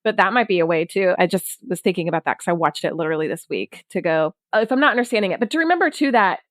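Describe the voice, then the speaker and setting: A woman's voice: on the low side, lively intonation, quick pace, no room sound, clean studio sound. A woman hosting a podcast interview, chatty and storytelling, laughing often. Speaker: podcast host.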